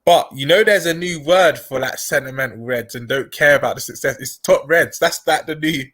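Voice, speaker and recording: A man co-hosting a casual live stream, chiming in with relaxed agreement and opinions. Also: on the high side, fairly quick.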